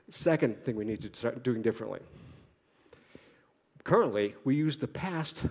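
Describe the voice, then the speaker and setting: A man giving an academic conference lecture in a lively, joking way, asking rhetorical questions. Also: medium pitch, slightly rough. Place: lecture hall. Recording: echoey lecture hall.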